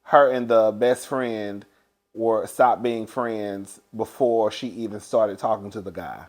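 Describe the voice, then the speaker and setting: This is casual, gossipy recap chat from a male show reviewer who calls his listeners "girl" and frequently laughs. He speaks slowly, with fairly even intonation, in a voice on the low side.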